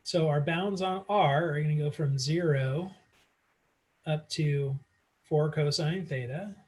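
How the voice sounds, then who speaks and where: A man's voice: a little high, takes it slowly, a little mellow. A man teaching math in a casual online lecture, working through problems aloud with frequent fillers, recorded on a computer mic. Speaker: math instructor.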